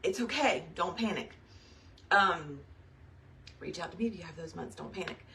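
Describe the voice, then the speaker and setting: A young woman chats loosely to her team over a live video, drifting between thoughts and filling gaps with "um" and "y'all." She is pregnant and talks in a bright, forward voice. The mic sits a little away from her, so the sound is somewhat distant. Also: on the low side, normal speed, gravelly. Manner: chatty and rambling, says y'all, frequent fillers. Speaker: direct sales team leader.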